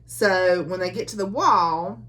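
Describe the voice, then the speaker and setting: A woman's voice: on the low side, a little slow, fairly bright tone. A woman giving a casual book recap, chatty and full of filler words, laughing often as she retells the story. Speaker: book reviewer.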